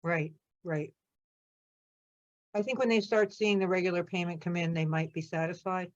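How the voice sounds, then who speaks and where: Board member, female, deliberate and measured, muffled video-call sound. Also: fairly low pitch, fairly even intonation. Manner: deliberate, pausing to think. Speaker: board member reviewing accounts. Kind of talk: business meeting discussion. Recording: dull video-call audio.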